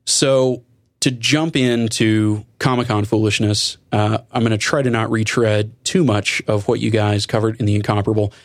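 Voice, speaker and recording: Low-voiced man hosting a casual podcast. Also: fairly even intonation, moderate pace, no echo, studio quality. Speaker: podcast host.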